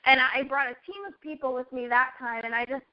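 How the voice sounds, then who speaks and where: A young woman with a high, bright-toned voice tells her story in an earnest, heartfelt way, often acting out what she and others said. The recording is dull and lo-fi. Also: fairly even intonation, a little fast. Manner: earnest storytelling, quotes herself. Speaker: network marketing guest. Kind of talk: casual chat. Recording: dull lo-fi audio.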